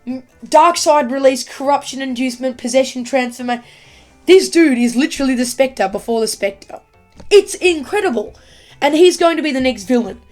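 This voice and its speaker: A woman giving a casual, excitable video review of a TV episode, rambling with lots of fillers. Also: high voice, normal speed, faint music behind. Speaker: YouTube TV reviewer.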